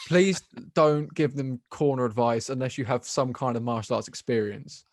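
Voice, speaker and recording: A man's voice: medium pitch, normal speed, no room sound, clean studio sound. A man hosting a podcast as an MMA fighter, talking bluntly and swearing freely. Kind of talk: casual podcast chat.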